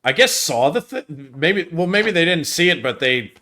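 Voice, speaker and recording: A man co-hosting a casual film review chat, retelling scenes in an animated way with frequent restarts and fillers. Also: on the high side, normal speed. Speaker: film review podcast co-host.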